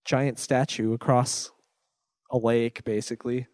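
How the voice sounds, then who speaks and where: A man's voice: mid-range voice, flat delivery, measured pace, a little mellow, no echo. A man co-hosting a game review podcast, walking through the plot with dry sarcasm. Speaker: podcast co-host. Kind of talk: casual game review chat.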